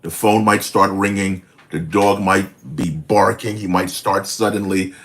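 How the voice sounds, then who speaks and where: A man in his sixties hosting his first livestream from home as a caricature artist, chatting in a rambling, animated way and correcting himself as he goes. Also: low-pitched, a little slow. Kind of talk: casual live stream chat.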